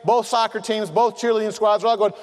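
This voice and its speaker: A middle-aged man preaching a sermon to men, telling humorous family stories in an animated way and acting out the voices of the people in them. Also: high-pitched, a little fast. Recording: long reverb of a large hall.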